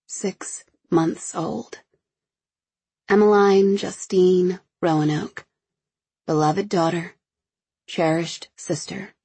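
Low-voiced woman for first-person audiobook narration, gravelly and husky, close and dry. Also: a little mellow, no echo.

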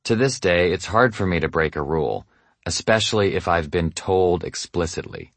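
A man narrates his own memoir in an earnest, self-deprecating way. His voice is very low. The recording is close and dry. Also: expressive, moderate pace, no echo.

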